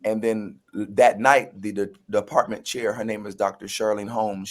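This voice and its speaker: A man's voice: lowish voice, fairly even intonation, normal speed, hardly any pauses. A man, a guest actor telling his story in a casual interview. He acts out the voices he quotes and often restarts his sentences.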